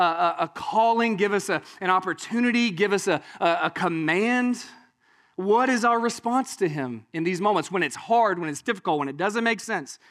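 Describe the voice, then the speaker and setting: High-voiced, animated man preaching. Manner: animated, conversational, often asks "right?". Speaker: pastor. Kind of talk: sermon.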